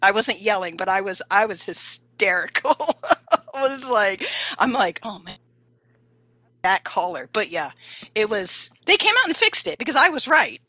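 A woman co-hosting a casual podcast chat, telling an animated story and acting out quotes in a high voice. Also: unhurried, dry recording. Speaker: podcast co-host.

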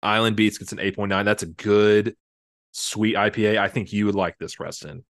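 A man's voice: on the low side, fairly even intonation, moderate pace, fairly bright tone, no room sound, studio quality. A young man co-hosting a casual podcast, joking and rambling with lots of fillers while tipsy from drinking. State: slightly drunk. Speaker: podcast co-host. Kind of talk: casual chat.

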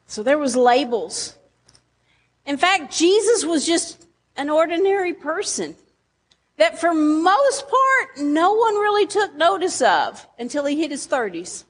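A woman's voice: high-pitched, big pitch swings, unhurried. A woman pastor, preaching a sermon in a conversational way and teasing her congregation with asides.

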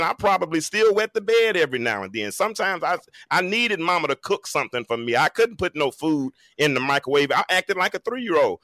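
Emphatic, bright-voiced man on a panel. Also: a little high, dry recording. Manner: preacherly, emphatic, folksy with self-mocking jokes. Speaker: panelist on a talk show. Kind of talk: animated panel discussion.

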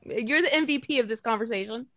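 A woman co-hosting a casual chat, telling lively stories, swearing freely and acting out quotes. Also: fairly high pitch, quick pace, no room sound, clean studio sound. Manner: animated storytelling, swears freely, acts out quotes. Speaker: podcast co-host.

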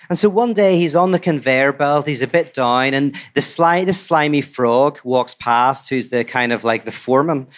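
Conversational male storyteller telling a fairy tale. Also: mid-range voice. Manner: relaxed, conversational, with asides. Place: live talk before an audience.

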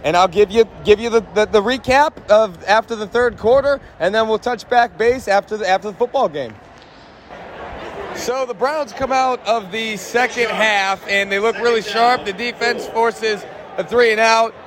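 Hoarse high-voiced man hyping from the stands. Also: moderate pace. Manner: hyped, shouty, rambling. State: losing his voice. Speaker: host of a fan sports show. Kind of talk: live fan commentary from the stands. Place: outdoor football stadium, in the stands. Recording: loud stadium crowd and noise.

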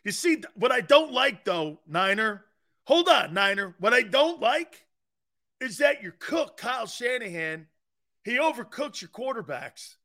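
Bantering with his live chat, a sports talk show host teases, throws out sarcasm, and laughs a lot. His voice is very high and his pace unhurried. He's animated but tends to repeat himself, doubling up on words and starting lines over.

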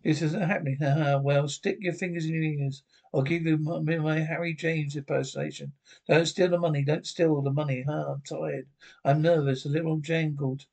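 A man's voice: a little high, fairly even intonation, moderate pace, gravelly, darkish tone. An actor playing a short, greedy, nervous male gofer who complains in a whiny, self-pitying way, in a TV horror anthology.

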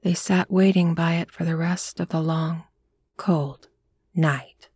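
Woman storyteller, low-ish voice, unhurried hushed read, dry close sound. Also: steady tone, slightly rough, no echo. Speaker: audiobook narrator. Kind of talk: scripted story narration.

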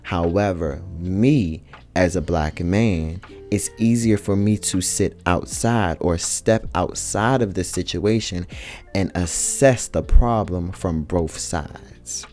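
A man's voice: sits low, slow, a little mellow, faint music behind. A man talking earnestly in a reflective personal monologue, speaking colloquially to his listeners and repeating key points for emphasis.

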